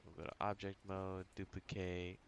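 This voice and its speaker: Low-voiced man talking through his drawing. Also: monotone, moderate pace, vocal fry, a little hiss or hum. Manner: chatty, thinks aloud, hums to himself. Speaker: livestreaming artist. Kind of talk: casual tutorial narration while drawing.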